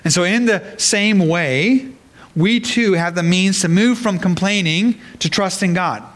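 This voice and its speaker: A man's voice: high voice, measured pace, a bit bright. A man preaching an earnest sermon as pastor, often restarting words as he explains a scripture passage.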